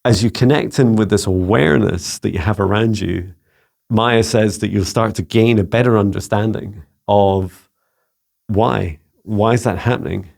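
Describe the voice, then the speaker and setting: A Scottish man hosts a spiritual guidance channel as a psychic mentor, his voice on the low side and darkish, with vocal fry and a moderate pace. He talks casually in a musing, searching way, full of "you know" and "um."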